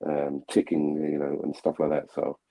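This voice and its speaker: 低く暗い声のイギリス英語の男性、かすれ気味. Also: male voice, monotone, moderate pace, poor audio. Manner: rambling, filler-heavy, mimics relatives in a loud high voice. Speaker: host of a live stream. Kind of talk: casual live stream chat.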